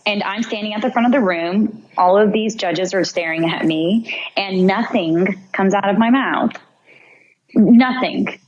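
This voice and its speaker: A woman's voice: mid-range voice, measured pace, muffled recording. Young woman telling a vivid story. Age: young adult. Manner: vivid narration, acts out her own inner voice. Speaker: podcast guest, founder. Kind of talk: personal storytelling in an interview.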